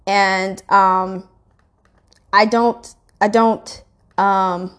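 Woman, personal story, halting and raw, mid-pitched voice, quiet then sharp. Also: steady tone. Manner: halting, restarts often, emotionally raw; swings between quiet and sharp outbursts.

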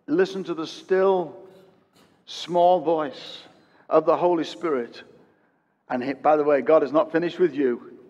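A pastor in his fifties preaching a sermon, swinging from loud emphatic peaks to hushed quiet and repeating phrases for emphasis. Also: a little high, unhurried, pauses often, big-room sound, dull audio. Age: 50s. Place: church.

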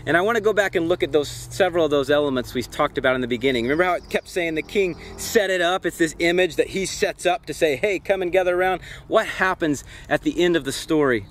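A man's voice: fairly high pitch, fast talker, hardly any pauses, fairly bright tone, a little hiss or hum. A man giving a devotional Bible study outdoors by a campfire, speaking earnestly and reflectively and putting direct questions to his listeners. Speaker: Bible teacher.

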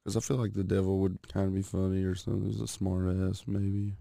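A man's voice: sits low, level tone, brisk, vocal fry, warm tone, no room sound, studio quality. A man co-hosting a podcast in casual chat, rambling and swearing a lot. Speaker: podcast co-host.

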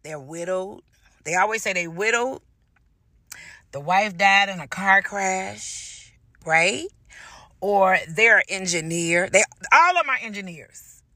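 A woman with a raspy voice telling stories in a casual monologue, blunt and profane, acting out both sides of each exchange. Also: mid-range voice, takes it slowly, no echo, studio quality. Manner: blunt, profane, animated storytelling. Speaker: podcast host.

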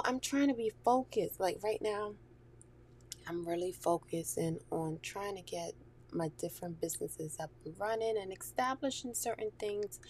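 A woman's voice: on the low side, darkish tone, a little hiss or hum. A woman talking candidly and profanely in a casual chat, laughing often and dropping into whispery asides.

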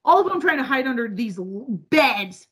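A woman from the northern US, chatting casually as a podcast co-host, loud, laughing often and swearing freely. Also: on the high side, big pitch swings, moderate pace, breathy edge. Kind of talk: casual chat.

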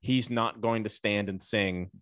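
On a podcast, a man with a lowish voice and a slightly slow pace casually tells a comic, profane story, animatedly acting out the voices of the people in it. The recording is dry.

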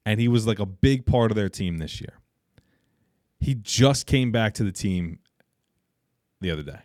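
A young man with a lowish voice co-hosts a casual soccer podcast, blunt and opinionated, happily trash-talking teams he dislikes. The sound is dry and close, with no room around it. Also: expressive, normal speed, darkish tone, no echo. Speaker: podcast co-host. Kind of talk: casual sports chat.

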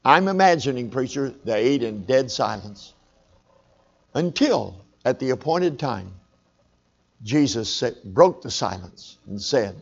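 A man's voice: mid-range voice, lively intonation, unhurried, vocal fry, husky, dull audio. A man preaching a sermon, telling a story conversationally and calling for amens.

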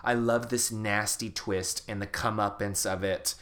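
A man's voice: lowish voice, fairly even intonation, a little slow, a bit bright. A man co-hosting a podcast in casual chat, speaking emphatically and bluntly, with casual swearing. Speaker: podcast co-host. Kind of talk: casual chat, book review.

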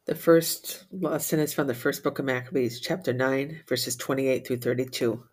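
Man of middle pitch leading prayer, steady measured reading with brisk quiet Latin responses. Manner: steady measured recitation, rattles off Latin refrains quickly and softly. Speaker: prayer leader. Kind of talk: reciting liturgical prayer.

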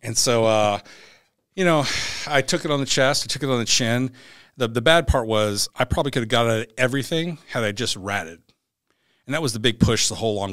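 A former Navy SEAL's mid-range voice moves fairly quickly as he tells blunt stories of war and court on a podcast, acting out quoted dialogue. It's candid conversational storytelling, captured with studio quality and no room sound.

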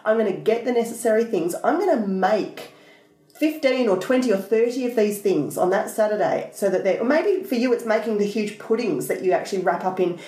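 A woman's voice: medium pitch, animated, brisk, dark tone. A woman co-hosting a podcast, chatting casually and telling rambling stories with plenty of fillers. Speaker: podcast co-host. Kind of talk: casual chat. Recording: roomy echo.

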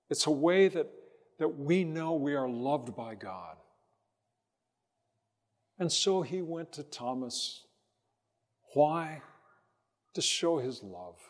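A man preaching a sermon as a pastor, telling a personal story in a slow, reflective way with pauses, then leading a prayer. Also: mid-range voice, a little mellow, big-room sound.

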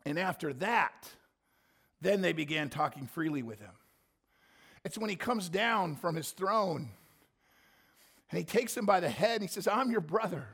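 A man preaching a sermon, swinging from quiet reflection to impassioned, near-shouted emphasis. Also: on the high side, animated, unhurried, creaky, long pauses, husky. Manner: impassioned, rising to near-shouting when voicing scripture. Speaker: pastor.

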